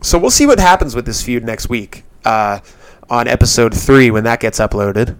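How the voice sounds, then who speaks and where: A man hosting a podcast, talking through a wrestling show in a loose, rambling way. He is frank and laughs easily. His voice sits at an ordinary middle pitch and is recorded close and dry, with no room sound. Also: animated, moderate pace, clear, resonant tone, no echo. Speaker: podcast host. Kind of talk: casual wrestling review commentary.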